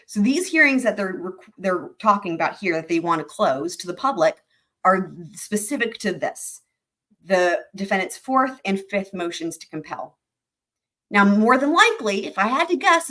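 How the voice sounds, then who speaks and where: A woman's voice: medium pitch, a bit bright. A woman hosting a livestream, reading court filings aloud and explaining them to viewers in a chatty way with many fillers. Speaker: host of a legal commentary livestream.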